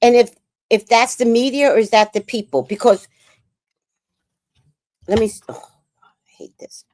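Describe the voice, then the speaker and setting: A woman's voice: fairly high pitch, normal speed, darkish tone. A woman with a New York accent giving casual, outspoken livestream commentary on a podcast feud. She swears freely.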